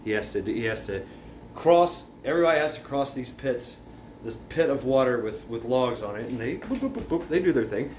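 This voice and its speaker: A man's voice: medium pitch, very animated, brisk, a little mellow. A man casually retelling a film scene, rambling, with many restarts and sound effects. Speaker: vlogger. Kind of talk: casual storytelling. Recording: roomy echo, faint background noise.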